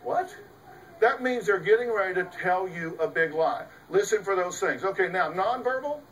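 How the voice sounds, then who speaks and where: A man's voice: high-pitched, lively intonation, moderate pace, far from the mic, slight background noise, rough recording. A middle-aged man, a host and psychologist, giving an emphatic, folksy talk to an audience, full of rhetorical questions. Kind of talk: lecture to a live audience.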